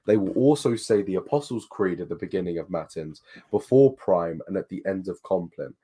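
A man's voice: deep voice, expressive, fairly quick, warm tone, breathy edge. A man in casual conversation, reading passages aloud from books and giving emphatic advice. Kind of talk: casual chat.

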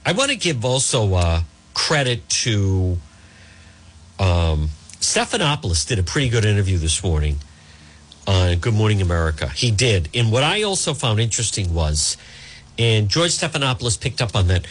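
A man's voice: medium pitch, very animated, moderate pace, a bit bright. A man hosting a talk show, giving casual political commentary in a rambling way, with many fillers and restarts. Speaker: radio talk show host.

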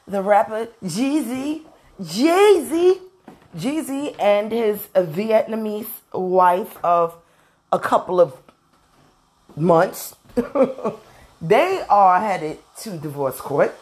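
A woman hosting a solo podcast, talking low and with animated swings of pitch. She is chatty and candid, throwing in slang while she airs her opinions. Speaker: podcast host. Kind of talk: casual solo podcast chat.

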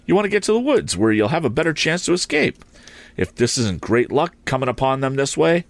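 A man voicing an eager teenage boy inventor in a spoken adventure story, calling out with urgent excitement. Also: sits low, normal speed, no echo, exaggerated voice.

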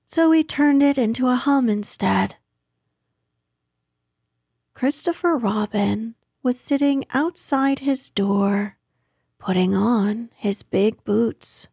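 A woman reading a children's book aloud in a gentle, unhurried way. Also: a little high, husky, no room sound, clean studio sound. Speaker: storyteller.

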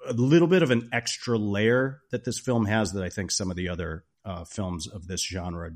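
Low-voiced man, thoughtful podcast commentary. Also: moderate pace. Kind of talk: casual podcast film discussion.

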